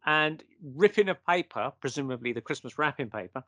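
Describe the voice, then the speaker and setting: A man's voice: a little high, lively intonation, fairly quick, a bit bright, no echo. A man, a guest telling a story in a casual conversation and acting out the quotes.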